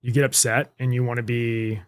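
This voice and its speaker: A man's voice: mid-range voice, little pitch movement, a little fast, no room sound. A young man, chatting casually as a podcast guest about his music and baking. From Memphis. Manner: laid-back, many fillers and restarts.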